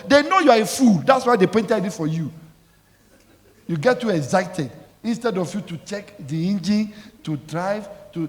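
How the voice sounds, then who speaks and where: A man's voice: fairly high pitch, expressive, normal speed. A man preaching a sermon as pastor, emphatic and scolding, calling out questions for the congregation to answer. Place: church. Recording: echoey church hall.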